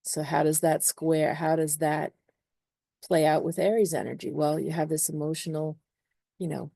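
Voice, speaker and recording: A woman's voice: low-pitched, flat delivery, moderate pace, creaky, mellow, dry recording. A woman astrologer explaining in a casual, loose way, hedging often with filler phrases. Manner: hedging, uses many "sort of" and "you know".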